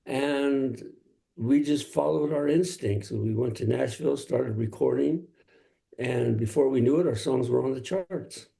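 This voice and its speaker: An older male singer-songwriter from Los Angeles, telling stories in a relaxed interview and laughing often. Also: mid-range voice, a little slow, creaky. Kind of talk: casual interview talk.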